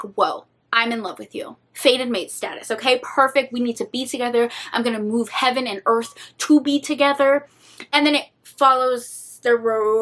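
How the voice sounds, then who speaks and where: Young female book vlogger, high-pitched, expressive and dramatic, casual swearing. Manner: animated, dramatic, swears freely. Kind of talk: casual reading vlog chat.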